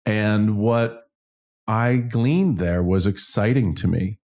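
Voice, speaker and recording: Man, 50s, very low voice, frank self-deprecating storyteller, interview guest. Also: takes it slowly, darkish tone. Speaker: interview guest, singer-songwriter and business owner. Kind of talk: candid personal storytelling.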